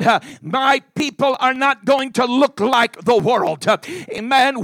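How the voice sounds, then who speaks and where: A man preaching a sermon in a very high, piercing voice, opening almost every phrase with "uh" and punctuating with "amen". The sound is close and dry, with no room echo. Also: pushed and bright. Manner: chanted preaching cadence, starting phrases with "uh" and ending with "amen".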